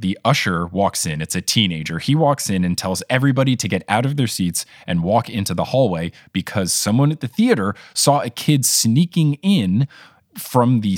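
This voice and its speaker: A man hosting a casual podcast, retelling a children's mystery book with lively delivery and frequent laughter. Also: lowish voice, no echo, studio quality. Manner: animated, laughs while retelling. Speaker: podcast host. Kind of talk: casual storytelling recap.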